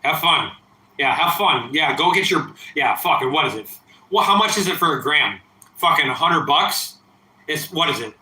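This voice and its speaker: A man's voice: fairly high pitch, animated, normal speed, pushed and bright, reverberant, low-quality recording. Profane, rambling man in his thirties. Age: 30s. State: drinking, a bit tipsy. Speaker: livestreamer. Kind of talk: casual late-night livestream chat.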